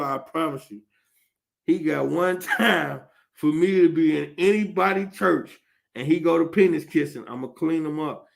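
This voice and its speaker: Gravelly high-voiced man ranting comically. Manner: profane, animated, laughs often. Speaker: podcast host. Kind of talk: comedic rant.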